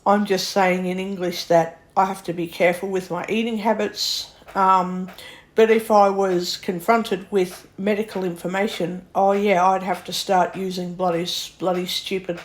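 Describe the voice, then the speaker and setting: A woman's voice: mid-range voice, level tone, moderate pace. Woman, blunt exasperated rant, swears a lot, casual vlog monologue. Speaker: vlogger. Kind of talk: ranting monologue to camera.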